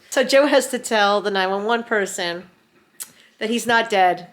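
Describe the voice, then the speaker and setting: This is a middle-aged woman recounting a story at home, casual and animated. She slips into the voices of people in the story as she goes. Her pitch sits in an ordinary middle range. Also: measured pace. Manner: animated, acts out quotes. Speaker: vlogger. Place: home in rural mountains.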